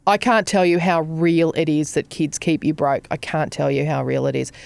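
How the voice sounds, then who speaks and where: Middle-aged woman, podcast co-host; lively, sweary storyteller, dry studio sound. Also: low-pitched, normal speed, vocal fry, no room sound. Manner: swearing, animated storytelling with acted-out quotes. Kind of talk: casual chat.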